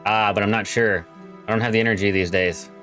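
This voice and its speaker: A man voicing a gruff old retired whaler, reading game dialogue aloud. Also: lowish voice, fairly even intonation, a little fast, fairly bright tone, soft background music, lightly acted. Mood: weary.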